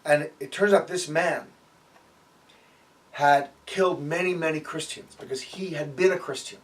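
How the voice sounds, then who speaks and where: A man's voice: a little high, measured pace, distant mic. A man giving a sermon and telling stories, with frequent fillers and acted-out quotes. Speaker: preacher.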